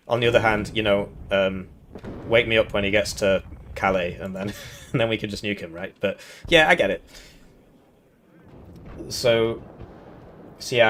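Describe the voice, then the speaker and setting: A man's voice: fairly low pitch, a bit bright, a little hiss or hum. A man from the United Kingdom giving casual, rambling commentary on a strategy game tournament, chuckling often and answering chat questions.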